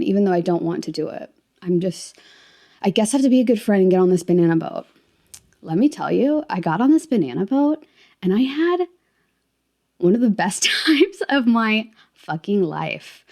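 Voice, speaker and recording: A woman's voice: medium pitch, darkish tone. A young woman hosting a podcast, telling a casual, candid story with frequent laughter and lots of filler words. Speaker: podcast host. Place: lives in Florida.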